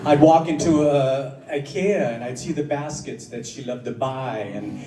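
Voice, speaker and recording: A middle-aged man telling a personal story at an open mic, halting and full of fillers, mixing grief with self-mocking humor. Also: mid-range voice, over music. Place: underground performance venue on a live stage. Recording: roomy, distant live room with crowd. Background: audience laughing.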